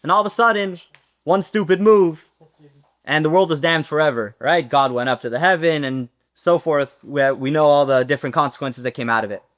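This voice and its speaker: A man teaching a Torah class, telling a story with lively acted-out dialogue. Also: a little high, brisk. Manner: animated storyteller, acts out dialogue.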